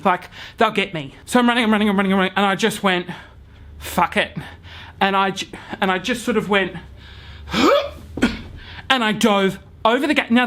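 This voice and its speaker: A young man vlogging a comic story to camera, acting out his own panic with hushed whispers, swearing and sudden shouts. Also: sits high.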